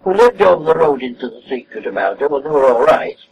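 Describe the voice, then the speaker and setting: A woman's voice: very deep voice, fast talker, creaky, dull audio, crowd noise. An older woman telling a story in an interview at her home, acting out remembered dialogue. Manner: animated, acts out remembered dialogue. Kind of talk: casual storytelling. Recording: distant mic, faint hiss.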